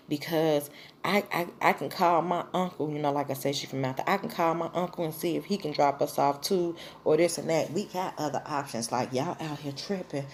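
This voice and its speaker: A woman's voice: low voice, fairly quick, a little mellow, a little hiss or hum. A woman vlogger telling a personal story in a blunt, profane, casual way.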